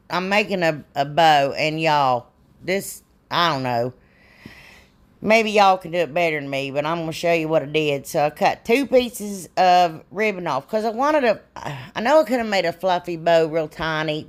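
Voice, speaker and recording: A woman's voice: lowish voice, expressive, normal speed. A middle-aged woman, rambling and self-deprecating as she explains a craft in a casual tutorial. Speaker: DIY crafts channel host.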